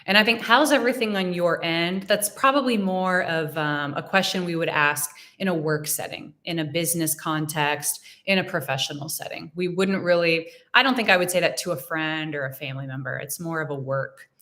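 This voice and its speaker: A young American woman hosts a live English lesson and answers questions from a chat. Her voice sits on the low side, and she repeats example phrases patiently and clearly. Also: fairly bright tone. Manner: friendly, explains slowly, repeats example phrases. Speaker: English teacher.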